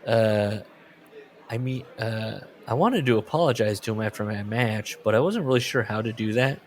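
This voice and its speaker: A man's voice: on the low side, normal speed. A man co-hosting a casual podcast chat, riffing on a book and reading its lines aloud in joking voices. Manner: riffing, reads book quotes in mock voices. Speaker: podcast co-host.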